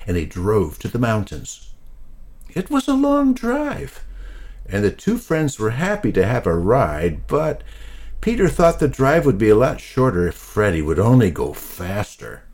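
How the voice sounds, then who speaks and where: A man reading a children's storybook aloud, slow and lively, with voices for each character. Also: fairly low pitch, husky. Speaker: narrator.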